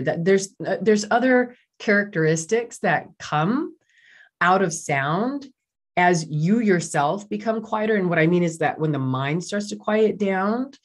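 A middle-aged woman, a doctor guest in an interview, talking in an enthusiastic, chatty way with many fillers. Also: mid-range voice. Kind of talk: casual interview talk.

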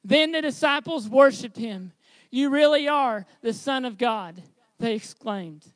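High-voiced, slow-preaching male pastor. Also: expressive, dry recording. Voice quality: high tenor voice. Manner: earnest preaching that builds to shouted exhortation. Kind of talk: sermon.

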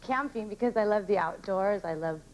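A woman's voice: mid-range voice, normal speed, poor audio. Upbeat woman dating-show contestant. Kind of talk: answering questions on a TV dating game.

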